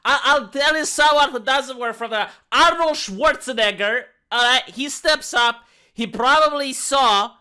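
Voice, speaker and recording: Brief: mocking comedy commentator, man with a Romanian accent, high-pitched. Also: pushed and bright, clean tone. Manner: mocking, sarcastic. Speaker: commentary host.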